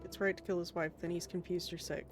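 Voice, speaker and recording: A woman streamer chats casually while playing, sounding sleepy and yawny after a nap. Her voice sits a little low for a woman, with soft game music faint underneath. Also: flat delivery, fast.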